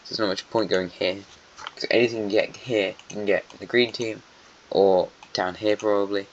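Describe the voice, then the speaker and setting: Heard through a dull lo-fi mic with slight background noise, this man talks at a normal speed in a fairly low, fairly even voice. He's giving meandering, casual commentary on an alternate-history map, thinking out loud and fixing his own slips as he goes.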